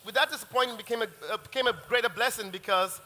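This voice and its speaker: A man's voice: very high-pitched, quick pace, sharp tone. A man chef giving a live cooking masterclass, chatty and rambling, often restarting his sentences. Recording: long reverb of a large hall.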